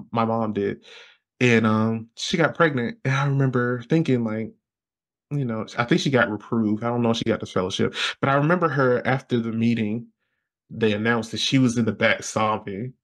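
A young man from Alabama, a podcast guest telling his story casually and acting out his younger self with lively exclamations. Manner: animated, acts out his past self with high exclamations and laughs.

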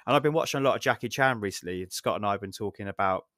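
A male podcast host with a fairly low voice, recorded dry. He chats about films in an easygoing way and readily agrees with his guests. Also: rapid-fire, a bit bright, no room sound. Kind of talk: casual film discussion.

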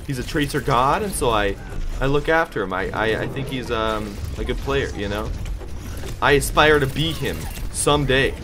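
A man's voice: medium pitch, moderate pace, noisy background. A young man casually commentating his own gameplay, hyped and joking, trash-talking and laughing. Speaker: gaming YouTuber.

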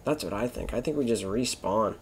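A man's voice: on the low side, a little fast, very noisy. A man rambling through a casual monologue, swearing constantly, wandering between thoughts and trailing off mid-sentence. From Florida.

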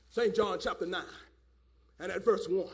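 High-voiced preacher man hollering. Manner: hollering, repeats "my God, man". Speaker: elder preaching. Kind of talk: fiery Pentecostal sermon. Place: church service.

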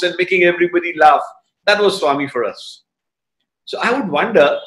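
A middle-aged man shares a devotional memory in a reflective, storytelling manner, his voice sitting a little higher than most men's. It has a roomy, echoing sound around it. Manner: storytelling, reflective, gently animated. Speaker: satsang speaker. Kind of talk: devotional talk, personal reminiscence. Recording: roomy echo.

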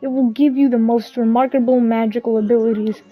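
A woman voicing a wise old male kettle who gives calm, grave advice. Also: fairly high pitch, brisk, phone-quality sound, lightly acted. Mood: advising.

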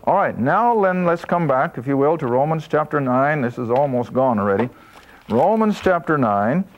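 A man leads a Bible study lesson in a fairly high voice, leaning hard on key words and slowing to drive points home. The recording sounds dull and lo-fi, like an older broadcast. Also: expressive. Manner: emphatic, slows down to stress key points. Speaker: Bible teacher.

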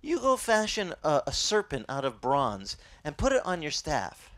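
A man's voice: a little high, huge pitch swings, moderate pace, fairly bright tone. A man voicing God as a casual, confident, soothing figure. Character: God, laid-back and reassuring.

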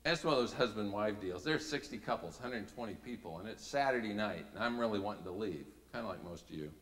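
Middle-aged guy preaching, folksy storytelling, bright edgy voice, big hall echo. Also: fairly low pitch, fast talker. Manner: folksy, animated storytelling with big swings in loudness. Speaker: speaker. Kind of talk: storytelling sermon. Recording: reverberant hall.

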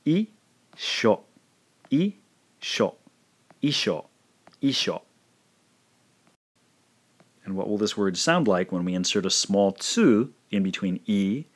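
A man narrating a recorded language lesson, speaking slowly and carefully and repeating each pronunciation. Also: lowish voice. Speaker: language teacher.

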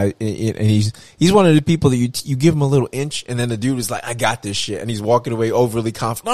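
A man's voice: mid-range voice, fast talker, few pauses, a little mellow, no echo. A man in his thirties co-hosting a podcast, telling stories in casual chat and mimicking people in raised voices. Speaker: podcast co-host.

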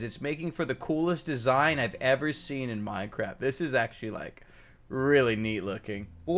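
A woman with a low, fairly bright voice offers sarcastic, exasperated commentary on her Minecraft game while complaining to her partner. It's scripted gameplay commentary done alongside that partner.

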